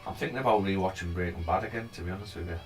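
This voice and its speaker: A man's voice: low voice, rapid-fire, soft background music. A man giving casual, rambling commentary on a live trading stream. He chats freely, swears now and then, and urges the price on as he goes. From England.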